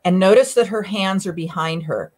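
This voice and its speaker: A woman's voice: medium pitch, moderate pace, a little mellow. Chatty woman commenting on dog training. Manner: enthusiastic, chatty, narrates what the dog does. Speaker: dog behavior consultant discussing training videos. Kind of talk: casual chat commenting on a video.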